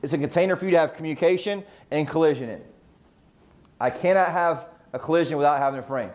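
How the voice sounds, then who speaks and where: A man's slightly mellow, high-leaning voice moves at a quick pace. As a sales trainer, he coaches real estate agents on client communication with emphasis, answering the rhetorical questions he keeps raising.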